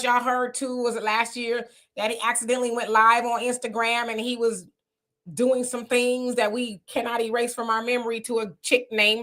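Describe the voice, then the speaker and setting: A woman's voice: fairly high pitch, bright, forceful tone. A woman hosting a live stream, giving chatty, opinionated commentary and laughing often. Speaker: livestream host.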